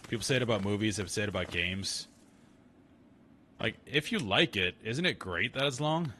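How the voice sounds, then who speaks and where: A man's voice: lowish voice, lively intonation, moderate pace, long pauses, sharp tone, slight background noise. A man casually chatting and muttering to himself while streaming a game. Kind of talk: casual gameplay commentary.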